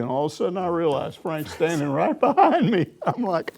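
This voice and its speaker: Veteran male sports reporter, slightly high, very animated storyteller. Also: moderate pace, gravelly. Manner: animated storyteller, laughs through anecdotes. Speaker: sports reporter answering questions. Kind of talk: casual storytelling chat.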